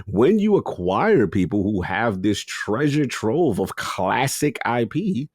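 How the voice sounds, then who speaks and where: A man's voice: medium pitch, darkish tone, dry recording, clean studio sound. A man co-hosting a gaming podcast in casual chat, laughing easily and calling his partner "bro". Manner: laughs often, says "bro" and "listen, man". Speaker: podcast co-host.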